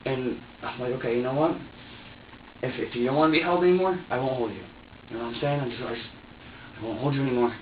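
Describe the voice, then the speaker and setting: Under police interrogation, a man rambles through his account to detectives, repeating himself and acting out what he said. His medium-pitched voice comes fast, broken by long pauses, and a far room camera catches it from a distance against a noisy background. The result is an echoey, dull recording.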